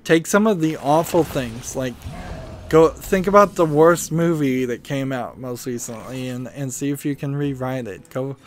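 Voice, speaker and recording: A man's voice: medium pitch, normal speed, a little hiss or hum. A man hosting a gaming video, musing and rambling as he thinks aloud while playing.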